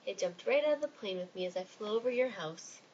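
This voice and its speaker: A woman's voice: mid-range voice, lively intonation, fast talker, a little mellow, close to an everyday voice. A friendly woman skydiver, plain and matter-of-fact, as a woman reads her. The storybook reading is on a dull lo-fi recording with a faint hiss.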